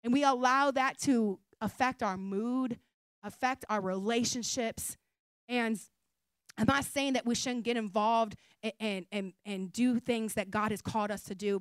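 A woman pastor preaching a sermon in a conversational style, rising to emphatic calls and then dropping to soft asides. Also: a little high, clean tone, dry recording. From United States.

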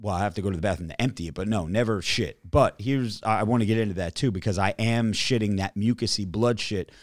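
A man's voice: on the low side, fast, dry recording, clean studio sound. A man telling rambling, profane stories in a casual podcast chat, full of restarts.

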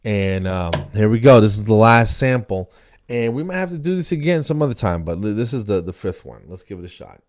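A man's voice: lowish voice, lively intonation, fairly quick, a little mellow, no echo. A man in his fifties hosting a comedy show, rambling through a casual monologue and chuckling at his own jokes.

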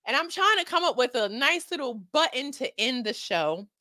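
Lively sassy woman talk-show host. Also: sits high, moderate pace, dry recording, clean studio sound. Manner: sassy, emphatic, playful scolding. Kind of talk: casual comedic talk show closing.

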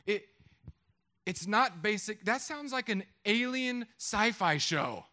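A middle-aged man preaching a sermon, joking with the congregation in an animated way. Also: sits high, slow. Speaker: pastor.

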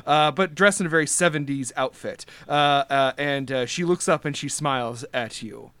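A man narrating as game master of a tabletop game, halting with many fillers and restarts. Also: mid-range voice, sharp tone, smooth, no echo.

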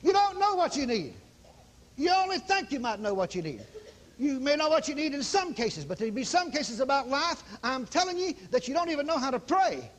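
Man preaching, high and lively voice, folksy with dramatic outbursts. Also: fairly quick. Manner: folksy, dramatic, acts out quoted exclamations. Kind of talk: sermon.

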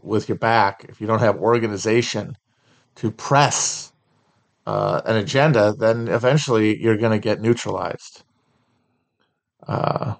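A man hosting a casual livestream chat, talking slowly with many fillers and restarts. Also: mid-range voice, gravelly. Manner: sings a song loosely at the start. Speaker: livestream host.

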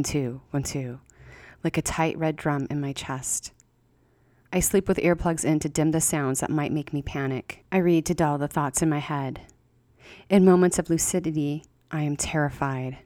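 A woman reading a horror story aloud in a measured way, with slow dramatic pauses. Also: deep voice, darkish tone, no room sound. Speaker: story reader.

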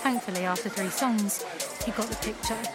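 A woman narrating an erotic audio story in a soft, unhurried first-person reading. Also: medium pitch. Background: music.

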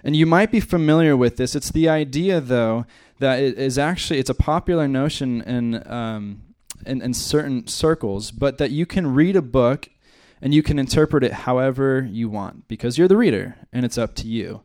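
A man's voice: mid-range voice, lively intonation, moderate pace, few pauses, a little mellow. A man from the United States teaching a Bible study in a conversational way, with joking asides. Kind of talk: church teaching.

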